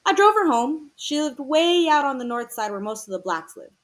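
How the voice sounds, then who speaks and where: A woman voicing a troubled teenage boy who retells a frightening night in slangy, tense speech, her pitch fairly high and lively. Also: normal speed. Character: troubled teenage boy telling a painful story.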